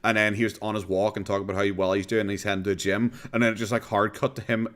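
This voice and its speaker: A man's voice: lowish voice, little pitch movement, very fast, a bit bright. An Irish man hosting a casual commentary stream, sarcastic and profane, breaking into laughter often.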